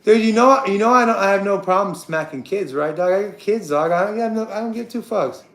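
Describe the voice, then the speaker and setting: A livestream host with a high voice rants loudly and crudely at a brisk clip during an unscripted stream. He trash-talks a chatter in a confrontational way, getting excitable and repeating himself. The room gives his voice an echo.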